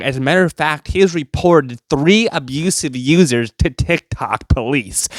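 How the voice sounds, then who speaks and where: Recorded cleanly in a studio with no audible room, a man rants to his viewers for laughs. He's a vlogger whose delivery is sarcastic and meandering, with a jumpy pitch.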